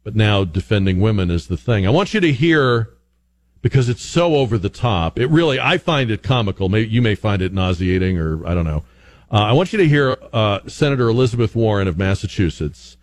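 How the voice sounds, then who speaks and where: A man hosting an opinion talk show, delivering a sarcastic, mocking monologue with exaggerated high-pitched asides. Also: expressive, a little fast, dry recording. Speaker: political commentary host.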